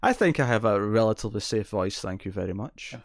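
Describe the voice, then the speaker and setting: A man's voice: on the low side, animated, quick pace, dry recording, studio quality. A Scottish man co-hosting a podcast, chatting casually and often restarting his sentences. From Scotland. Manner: chatty, self-interrupting, laughs often. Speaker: podcast co-host. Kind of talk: casual chat.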